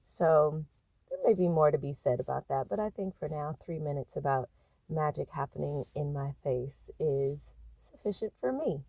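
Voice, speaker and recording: A woman speaking in a reflective personal monologue, thoughtful and unhurried, pausing often to find her words. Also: deep voice, vocal fry, dark tone, dry recording. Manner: thoughtful, unhurried, with frequent hesitations.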